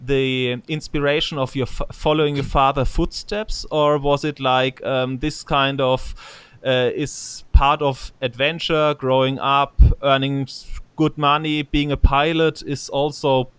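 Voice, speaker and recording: German-accented host, smooth and dry. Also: male voice, medium pitch, little pitch movement, measured pace, fairly bright tone, no room sound. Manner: long, searching questions with many restarts. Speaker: podcast host. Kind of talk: interview questions.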